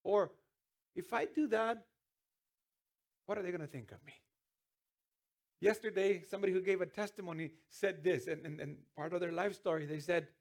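A man's voice: high-pitched, normal speed, pauses often. A man preaching a sermon as pastor, earnest, with restarts and sudden emphatic rises.

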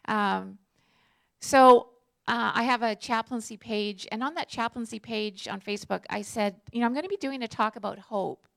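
A woman's voice: on the high side, normal speed, creaky, a bit bright, no room sound. A woman, a prison chaplain telling a faith story in a conversational way, full of fillers and asides.

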